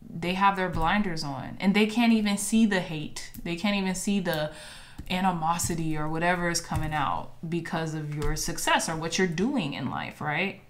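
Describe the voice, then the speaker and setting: A woman's voice: fairly low pitch, fairly bright tone. A woman giving a pick-a-card tarot reading, talking earnestly and emotionally to viewers she calls y'all.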